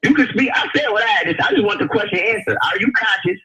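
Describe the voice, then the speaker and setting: A man's voice: high-pitched, fast talker, bright, forceful tone, husky, poor audio. A man calling into a show, arguing hard, repeating his question, cursing at the other side. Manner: confrontational, repeats questions, curses. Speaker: caller. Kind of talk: heated call-in argument. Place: phone call into a live online radio show.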